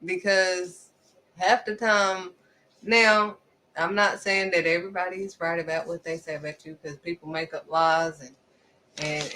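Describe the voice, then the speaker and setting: A woman's voice: fairly low pitch, fairly bright tone. A woman preaching to her viewers in an emphatic style, repeating lines for stress and acting out other people's voices. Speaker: faith-based vlogger. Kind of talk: preaching to camera.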